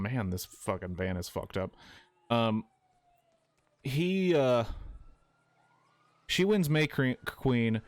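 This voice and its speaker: A man's voice: medium pitch, clear, resonant tone, no echo. Profane young man recapping a film. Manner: loose and profane, acting out characters in quick quoted voices. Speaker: streamer retelling a film. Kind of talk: casual comedic movie recap.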